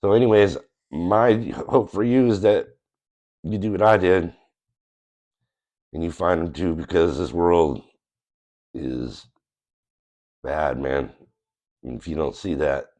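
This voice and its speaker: A man's voice: extremely low pitch, slow, pauses often, a little mellow. A man with a nasal voice from a cold, telling his personal faith story to his channel in an earnest, plain-spoken, rambling way. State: recovering from a cold. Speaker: channel host. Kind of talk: casual personal testimony to camera.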